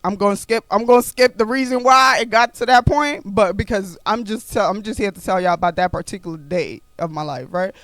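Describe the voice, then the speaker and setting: New woman podcasting, telling her story, lively and repeats stuff, dry close sound. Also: medium pitch, fairly quick, few pauses, dry recording. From New York. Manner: animated, repeats phrases for emphasis. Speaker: podcast host.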